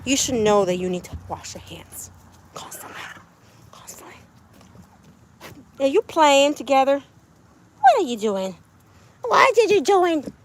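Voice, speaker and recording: A woman's voice: on the high side, darkish tone. A woman hosting a casual livestream from her backyard chicken coop. She chats to viewers, repeats herself and coos to her animals. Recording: noisy outdoor phone stream.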